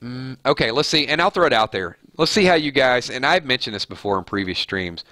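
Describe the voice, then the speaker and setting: A man's voice: mid-range voice, lively intonation, a little fast, bright, forceful tone, no room sound, studio quality. Chatty nasal man hosting a live stream. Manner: chatty, laughs easily, thinks aloud. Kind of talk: casual live-stream chat reading viewer comments.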